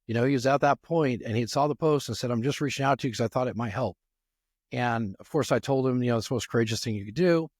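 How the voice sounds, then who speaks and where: A man hosts a podcast interview, talking in a relaxed, encouraging way. His voice sits at an ordinary pitch for a man, and the sound is dry and close-miked. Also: quick pace, dry recording. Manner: conversational, encouraging. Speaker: podcast host.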